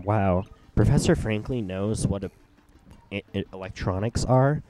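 A man's voice: on the low side, moderate pace, mellow. A young man casually commenting on a video game he is playing, rambling with lots of fillers and reading the on-screen text aloud. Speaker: let's play host. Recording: faint game music behind.

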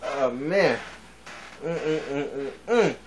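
A man's voice: mid-range voice, lively intonation, drawn-out words, a little hiss or hum, rough recording. A man in his twenties, rambling casually in a vlog and laughing often. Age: 20s. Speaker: vlogger.

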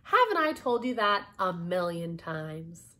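A woman reading aloud, voicing a brisk, bossy old lady who talks in firm, emphatic proverbs. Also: lowish voice, very animated, pushed and bright, pitched below the performer's own voice, heavily acted.

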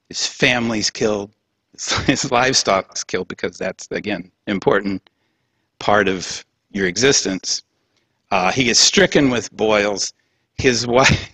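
A man's voice: medium pitch, a bit bright, slightly rough, no room sound. A man giving a public lecture in a conversational, humorous way, with laughing asides.

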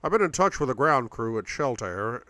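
A man's voice: mid-range voice, big pitch swings, normal speed, sharp tone, dry recording. A man voicing a courteous, businesslike male airline captain.

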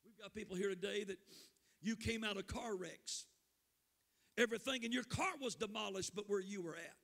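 A man preaching a Pentecostal sermon in church, impassioned and shouting. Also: high-pitched, moderate pace, vocal fry. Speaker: pastor.

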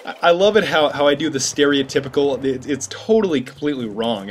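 A man giving casual gameplay commentary, joking and rambling with animated asides to his viewers. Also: medium pitch, a little fast, a little hiss or hum.

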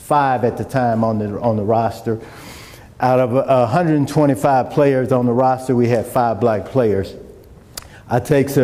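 A middle-aged man telling a personal story to an audience, acting out the dialogue with lively shifts. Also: mid-range voice. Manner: animated storyteller, acts out dialogue. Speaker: speaker. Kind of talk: storytelling talk. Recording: echoey hall with long reverb.

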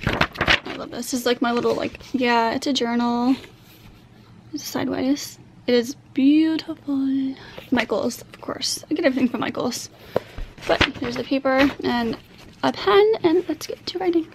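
A woman chatting casually to her camera at home, giggly and relaxed. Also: high voice, normal speed, vocal fry, slight background noise. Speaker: vlogger.

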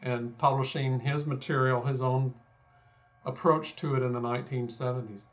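A man's voice: mid-range voice, fairly even intonation, moderate pace, highs cut off. A man from Texas with a Texan accent, talking through ideas in a thoughtful, self-deprecating way with many fillers and restarts. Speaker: guest scholar. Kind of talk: conversational explanation.

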